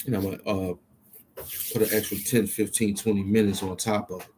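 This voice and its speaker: A man's voice: fairly low pitch, little pitch movement, a little fast, darkish tone, a little hiss or hum. A man rambling to himself as he thinks aloud, often hesitating, repeating himself and restarting.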